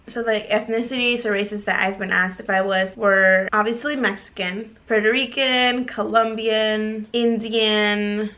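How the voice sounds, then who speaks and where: A young American woman talks through her results in a relaxed vlog. She is chatty, reads long lists of places one by one, and laughs easily along the way. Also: mid-range voice. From United States. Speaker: YouTuber. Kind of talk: casual vlog, reading results aloud.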